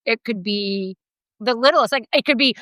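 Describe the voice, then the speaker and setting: A middle-aged woman tells stories in easygoing podcast chat, laughing often and acting out what people said. Her voice is bright and sits fairly high. The sound is close and dry, with no room around it. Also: moderate pace, no room sound, poor audio. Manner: animated storyteller, laughs often, acts out quotes. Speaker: podcast co-host. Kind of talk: casual chat.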